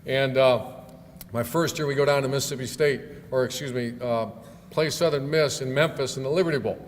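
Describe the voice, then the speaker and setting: A middle-aged football coach, appearing as guest speaker at a club event in a banquet hall, tells stories in a folksy way full of fillers and restarts. His voice is medium in pitch with fairly even intonation and a slightly fast pace. The recording carries a long hall reverb and faint room noise.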